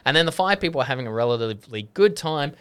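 A man's voice: mid-range voice, very fast, clean tone. A man telling a comedy story in casual chat, acting out voices and laughing often. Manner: animated, acts out quoted voices, laughs often.

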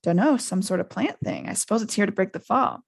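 A woman's voice: medium pitch, animated, brisk, vocal fry, husky. A woman voicing a brave young boy wizard, speaking earnestly and urgently.

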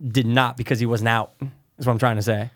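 Argumentative young man, mid-pitched and dry. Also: flat delivery, brisk, a bit bright, dry recording. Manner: argumentative, interrupts with "hold on", emphatic. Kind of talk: casual debate chat.

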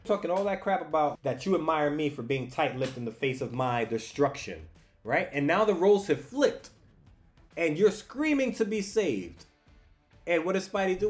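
A man reviewing a comic book in a casual, enthusiastic and animated way. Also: on the high side, normal speed, soft background music. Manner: animated and enthusiastic, with frequent restarts. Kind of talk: casual commentary.

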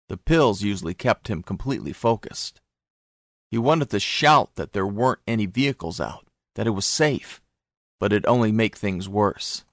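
A man narrating an audiobook in a steady, even storytelling manner. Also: fairly low pitch, vocal fry, dry recording, clean studio sound.

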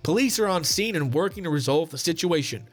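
A man's voice: fairly high pitch, expressive, a little fast. A man putting on a chirpy mock Canadian. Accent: put-on Canadian. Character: mock Canadian man reading a polite police notice.

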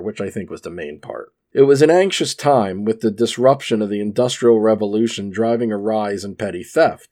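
A man's voice: mid-range voice, mellow. A man casually reading an article aloud at his microphone. He keeps breaking off into rambling asides and uses plenty of "uh"s and restarts. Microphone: desk microphone.

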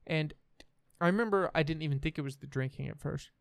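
A man's voice: fairly high pitch, fast talker, vocal fry, smooth, no room sound, studio quality. A young man, a podcast guest, telling a candid personal story in a frank, rambling way and swearing freely.

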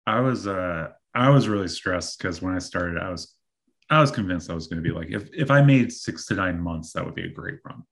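Deep voiced co-host guy rambling with lots of likes and ums. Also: animated, brisk, creaky, fairly bright tone. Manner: loose, filler-heavy talk. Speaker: podcast co-host, former wrestling writer. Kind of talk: casual podcast chat.

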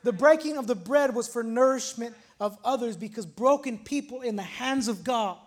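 Man, pastor, sermon, high voice, builds in intensity. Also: normal speed. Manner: preaching with rising intensity, reads a poem aloud.

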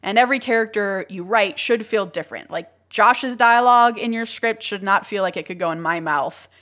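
A woman's voice: medium pitch, moderate pace, pushed and bright. Chatty woman podcast host, laughing often. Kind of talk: casual podcast chat.

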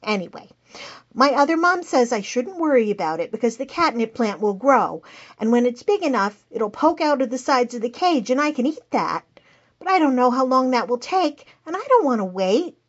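A woman's voice: high voice, big pitch swings, moderate pace, husky, heavily acted. A woman voicing a fretful black house cat who calls in with a worry, rambling and drifting off topic on a muffled recording. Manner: rambling, worried, wanders off topic. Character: fretful black house cat caller, dramatic, easily distracted. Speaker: caller. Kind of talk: comedic call-in monologue.

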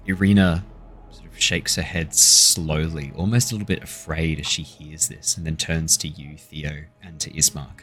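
Deep-voiced man narrating a tabletop game. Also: little pitch movement, a bit bright, soft background music. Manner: measured narration with playful asides. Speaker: dungeon master.

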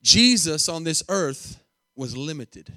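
High-voiced man preaching a sermon. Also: very animated, slow, sharp tone, dry recording, clean studio sound. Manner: emphatic preaching with repetitions and rhetorical questions. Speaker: pastor.

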